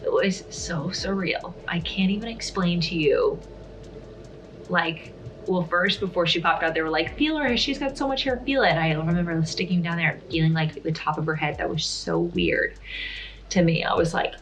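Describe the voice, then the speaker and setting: A woman vlogger talking straight to camera in a relaxed, candid way, her speech peppered with "like" and "um". Her voice sits a little low for a woman, and soft music plays faintly behind her. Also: moderate pace. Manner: chatty, full of "like" and "um", candid. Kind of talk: casual storytelling to camera.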